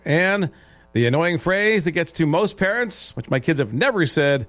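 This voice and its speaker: A man's voice: on the high side, very animated, moderate pace, fairly bright tone. A man hosting a radio show, joking playfully in casual chat with listeners. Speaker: radio host.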